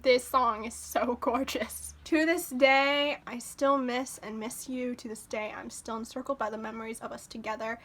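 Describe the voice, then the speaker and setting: Bright-voiced young woman gushing over music. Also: a little high, fairly even intonation, moderate pace, few pauses. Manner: gushing and emotional, exclaims and laughs. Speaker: reaction vlogger. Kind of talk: casual music reaction commentary. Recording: music playing behind her. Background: music playing.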